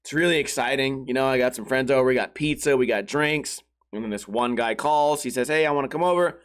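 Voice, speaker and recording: A man's voice: mid-range voice, fairly even intonation, brisk. Foul-mouthed man telling a rambling story. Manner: profane, rambling, acts out quoted voices. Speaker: podcast host. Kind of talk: casual storytelling monologue.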